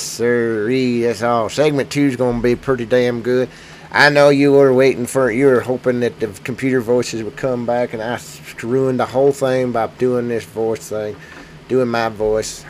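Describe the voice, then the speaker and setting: A man hosting a podcast while sick with a cold, his voice sitting at an ordinary middle pitch. He rambles and jokes his way through it with self-mocking asides, and a faint hiss sits behind him. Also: steady tone, measured pace. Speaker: podcast host. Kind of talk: casual rambling podcast chat.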